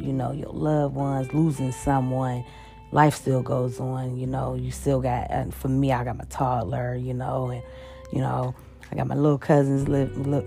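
A woman hosting a podcast, talking haltingly and with heavy emotion, repeating words and using many fillers, in a personal confessional monologue. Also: rumbling low, creaky, dark tone. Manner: heavy-hearted, openly emotional. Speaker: podcast host. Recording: music playing underneath.

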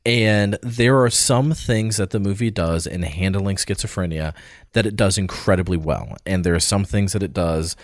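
A man's voice: low voice, normal speed, dry recording, clean studio sound. A man co-hosting a podcast, chatting casually about a film he saw, rambling with restarts and fillers. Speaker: podcast co-host. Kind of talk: casual film review chat.

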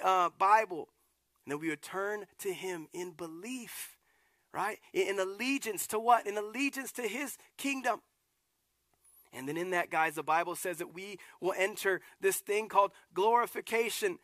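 A man, a lead pastor, preaching a sermon in a casual, animated way with acted-out asides. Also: high voice, no echo.

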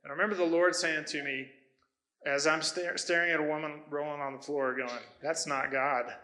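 Bright-voiced man preaching. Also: on the high side, fairly even intonation, brisk, poor audio. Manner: conversational storytelling with self-corrections. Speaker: pastor. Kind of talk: sermon.

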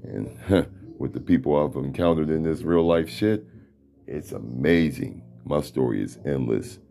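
A middle-aged man hosting a podcast with a deep voice, giving a blunt, profane, preachy motivational talk from a room at home. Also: measured pace, creaky, warm tone, slight background noise. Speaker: podcast host. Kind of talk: motivational monologue.

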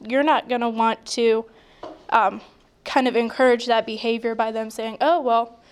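Woman, casual chat with scripture reading; smooth, flat delivery, measured. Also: on the high side. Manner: measured, reads verses then explains with fillers.

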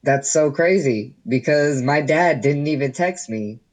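A man's voice: fairly high pitch, unhurried, low-quality recording. A man guesting on a podcast, telling a personal story candidly in casual interview chat, with lots of "like" fillers. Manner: candid storytelling, heavy use of "like".

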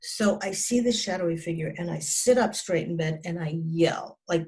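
A woman's voice: fairly low pitch, moderate pace, darkish tone. A woman in her sixties, a psychotherapist, telling a personal story as an interview guest in an earnest, emphatic way, often restarting and dropping her voice at grim moments.

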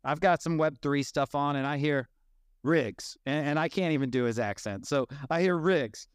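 Guy in his 30s hosting a live chat, swears a lot, tells stories, kinda high smooth voice. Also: a little fast, no echo, studio quality. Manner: animated, swearing, storytelling. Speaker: host. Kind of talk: casual chat on a live audio space.

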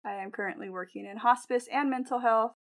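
A woman's voice: on the high side, brisk. A young adult woman co-hosting a casual podcast, telling stories in a chatty way, acting out quotes and laughing often. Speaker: podcast co-host, nurse.

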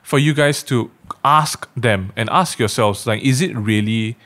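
A man's voice: mid-range voice, a little slow, fairly bright tone. Earnest man co-hosting a podcast. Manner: earnest, challenging listeners, many fillers. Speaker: podcast co-host. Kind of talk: casual podcast discussion.

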